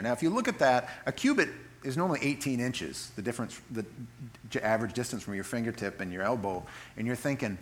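A man preaching a sermon in an animated, folksy way, reading scripture slowly and solemnly between joking asides. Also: mid-range voice. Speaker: pastor.

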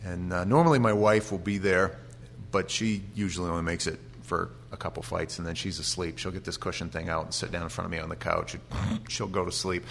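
A male pastor giving an animated sermon with humorous stories and frequent restarts. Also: low-pitched, brisk, gravelly, a little hiss or hum.

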